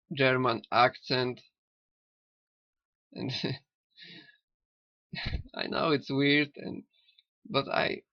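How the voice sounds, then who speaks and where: Slow, gravelly man with halting speech. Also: medium pitch, no room sound. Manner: halting, slow, repeats himself, chuckles. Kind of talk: rambling spiritual commentary on a cartoon. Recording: dull lo-fi sound.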